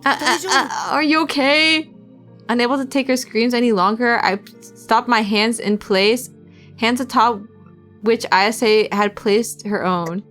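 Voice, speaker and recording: A woman's voice: a little high, measured pace, music in the background. A young woman streamer reading visual novel narration aloud, breaking off into giggly casual asides to chat.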